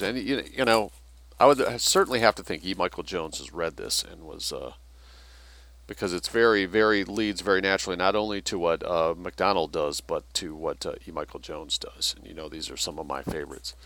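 A man reads passages from a book aloud, stopping now and then to comment on them. His voice is low-pitched with a bright, forceful edge, and the recording is dry and close. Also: brisk, dry recording.

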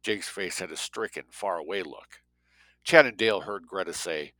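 Gravelly bright-toned male audiobook narrator. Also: no echo, poor audio. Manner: measured, dropping low for tags. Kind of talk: scripted narration.

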